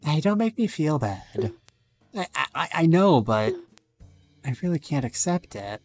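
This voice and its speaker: A male streamer reading both sides of a game's dialogue aloud, with some lively rises. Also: fairly high pitch, a little slow, soft background music.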